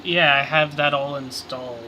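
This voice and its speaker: A man's voice: fairly high pitch, steady tone, moderate pace, dull audio, background noise. A man chatting casually with friends while gaming, talking in a hesitant way.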